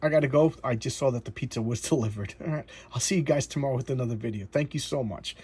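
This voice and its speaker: A man hosting a comic book channel, retelling a story in a halting, emotional way and often repeating words. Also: mid-range voice, a little mellow, slightly rough.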